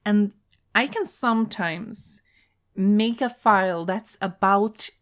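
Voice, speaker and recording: A woman co-hosting a casual Q&A, answering fans' questions with halting restarts and fillers. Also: mid-range voice. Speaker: co-host. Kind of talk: casual Q&A chat.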